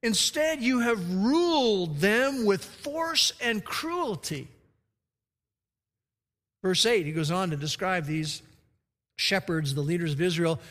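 High-voiced preacher in a reverberant hall. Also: male voice, animated, a bit bright. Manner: emphatic preaching, slowing and dropping low on key words. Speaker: pastor. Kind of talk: sermon.

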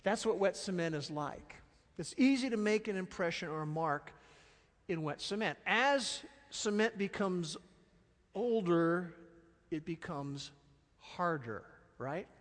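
A middle-aged man preaching a sermon, animated and storytelling, dropping to soft, slow stresses. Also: high-pitched. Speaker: pastor. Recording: long reverb of a large hall.

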